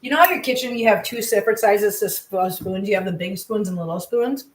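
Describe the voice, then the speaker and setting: A woman's voice: mid-range voice, fast talker, recorded from a distance, a little hiss or hum. A woman vlogging as she cooks dinner at home, chatting away to her viewers and her cats. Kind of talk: casual chat while cooking. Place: home kitchen. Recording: echoey kitchen from off-mic.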